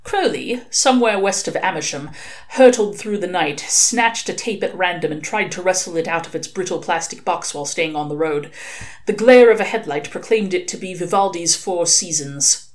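A woman reading a novel aloud, narrating with lively expression. Her voice sits slightly low for a woman, steady and clear through the story. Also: moderate pace. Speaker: reader.

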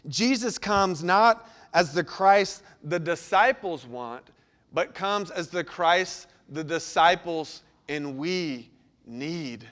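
A man pastor preaching a sermon, swinging between lively emphasis and quiet, intense passages. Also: on the high side, slow. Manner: dynamic delivery, sudden drops to quiet intensity.

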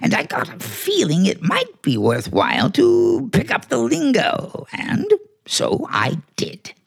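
A man's voice: extremely high pitch, wildly swooping pitch, takes it slowly, creaky, breathy edge, exaggerated voice. An actor playing a clever, bossy talking male house cat in a 1940s radio play, smug and theatrical. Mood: scheming.

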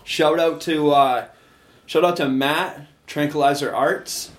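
A man hosting a casual chat, joking loosely, swearing often and giving shout-outs to friends. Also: on the high side, steady tone, takes it slowly. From Canada. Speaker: podcast host.

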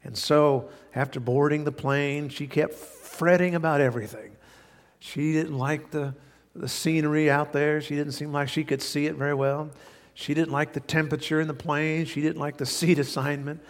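A man with a slightly high, gravelly voice preaches a sermon, pressing each point again and again and leaning on homespun stories. His voice carries a long reverb, as if from a large church hall. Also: fairly even intonation, moderate pace. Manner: earnest, repetitive emphasis with folksy anecdotes. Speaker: pastor.

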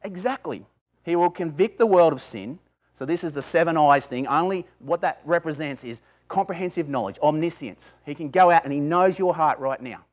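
A man's voice: a little high, lively intonation, normal speed. A man preaching a sermon to a small group, talking conversationally, asking his listeners questions and building to emphatic bursts. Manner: asks the audience questions. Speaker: pastor.

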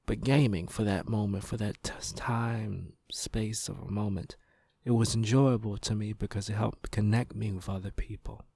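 A man hosting his own podcast, slowly and reflectively recalling a memory in a rambling, casual way. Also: on the low side, fairly even intonation, gravelly, a little mellow, slightly rough, no echo. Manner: slow, reflective, rambling with pauses. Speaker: podcast host. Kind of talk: casual personal storytelling monologue.

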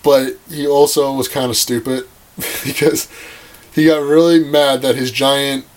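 A man's voice: mid-range voice, fairly even intonation, measured pace. Man, young adult, podcast host, sarcastic, joking, rambling. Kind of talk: casual movie-review chat.

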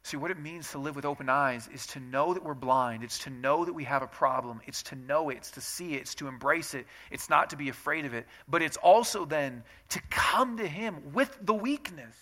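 A pastor preaches in a loose, conversational way, speaking in a bright, ringing voice. He drops to a hush for acted prayers and then rises to loud emphasis, with a fairly high pitch for a man throughout. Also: moderate pace, few pauses. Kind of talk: sermon.

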